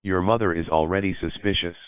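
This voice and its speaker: A man voicing a flustered, sharp-tongued young bride who snaps indignant questions. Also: deep voice, steady tone, fairly quick, clean tone, no echo, lightly acted. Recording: dry, phone-like lo-fi audio.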